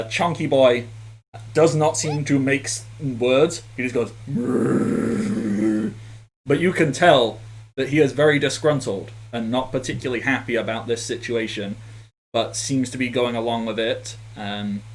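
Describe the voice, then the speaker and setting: A man's voice: medium pitch, moderate pace. A man narrating a tabletop game as game master, in a casual, rambling way with frequent fillers.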